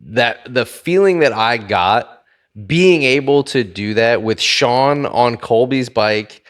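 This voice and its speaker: A man's voice: mid-range voice, expressive, slow pace. A man co-hosting a casual podcast chat, talking loosely with plenty of fillers, swearing and frequent laughter. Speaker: podcast co-host.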